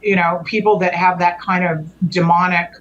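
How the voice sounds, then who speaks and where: A woman's voice: on the low side, little pitch movement, normal speed, muffled recording, slight background noise. A woman guest telling a personal story in a conversational way. She often stops and restarts her sentences and lets phrases trail off.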